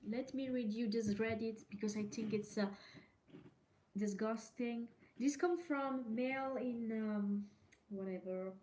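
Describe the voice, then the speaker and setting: Slow-talking, indignant woman podcast host. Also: fairly high pitch, dark tone, slight background noise. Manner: indignant, emphatic, swears freely, repeats herself. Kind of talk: solo podcast rant.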